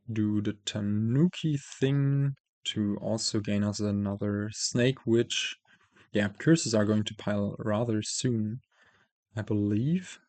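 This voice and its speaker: Gravelly-voiced man thinking aloud slowly. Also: lowish voice, darkish tone, dry recording. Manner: thinking aloud, many fillers and self-corrections. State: losing his voice. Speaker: host playing a card game. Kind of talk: casual gameplay commentary.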